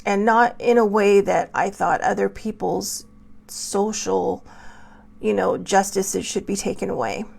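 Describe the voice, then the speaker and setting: Impassioned gravelly woman host, slow speech. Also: medium pitch. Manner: impassioned, pausing, swinging between soft whispers and raised outbursts. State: tearful, angry. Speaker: show host. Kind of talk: emotional personal commentary.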